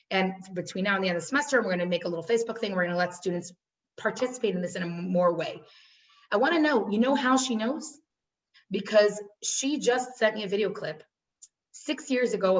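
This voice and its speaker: A woman's voice: medium pitch, a bit bright, distant mic, low-quality recording. A woman teaching a class, earnest and storytelling, often repeating words for emphasis.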